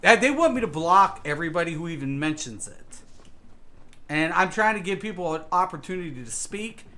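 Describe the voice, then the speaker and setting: Bright, forceful, and expressive, this slightly high male voice moves a little fast as he streams a game. His casual talk is a profane, repetitive rant.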